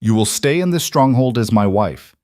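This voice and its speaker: A man voicing a cold, quiet king. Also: mid-range voice, lively intonation, no echo, studio quality, natural voice. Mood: cold, blunt. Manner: quiet, deliberate, commanding. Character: stern commanding male king, cold and blunt.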